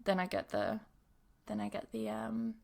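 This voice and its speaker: A woman's voice: mid-range voice, fairly even intonation, normal speed, gravelly, darkish tone. A woman in her thirties from Yorkshire with a mixed Yorkshire accent, chatting frankly on her podcast as an English teacher and laughing often. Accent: Yorkshire English, mixed with some Bristol. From Yorkshire, England. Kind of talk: casual podcast monologue.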